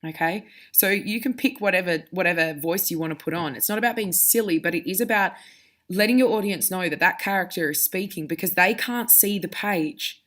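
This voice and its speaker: A woman's voice: fairly low pitch, a little fast, fairly bright tone. A woman teacher giving a reading lesson to pupils, explaining patiently and demonstrating with her own voice. Her delivery is conversational, with the odd restart as she looks for examples.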